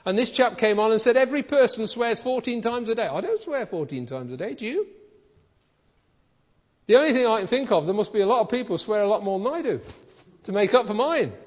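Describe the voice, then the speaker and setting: A man's voice: high-pitched, sing-song, a little fast, long pauses. A man preaching a sermon in a conversational way, asking his listeners questions. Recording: dull recording with hall reverb.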